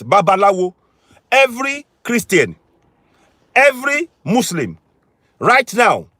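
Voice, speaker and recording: A man's voice: high voice, fairly bright tone, no echo, studio quality. A man from Nigeria with a Nigerian accent, delivering an impassioned political monologue to camera outdoors near a car park. He is emphatic and repetitive, hammering his points home with rhetorical questions. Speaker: political activist vlogger.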